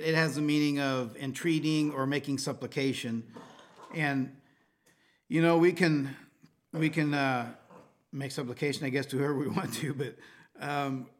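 A man reading scripture aloud, then explaining it in a casual, hesitant way with many fillers and restarts. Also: medium pitch. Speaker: Bible teacher. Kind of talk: scripture reading and devotional commentary.

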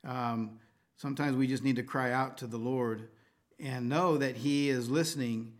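A man's voice: medium pitch, steady tone, moderate pace. A man reading scripture aloud, then explaining it in a casual, hesitant way with many fillers and restarts. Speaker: Bible teacher. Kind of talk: scripture reading and devotional commentary.

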